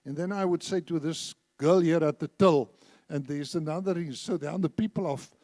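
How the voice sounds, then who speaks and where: High-voiced older man preaching. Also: brisk, no echo, studio quality. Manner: animated storyteller, acts out dialogue. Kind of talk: sermon with told anecdotes. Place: church.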